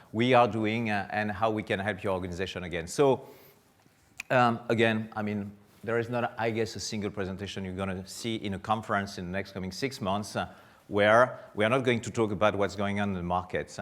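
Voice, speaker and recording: A middle-aged man with a French accent speaks to a conference audience, often pausing on filler sounds as he goes. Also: fairly low pitch, a bit bright. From France. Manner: hesitant, many filler sounds. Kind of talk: conference keynote.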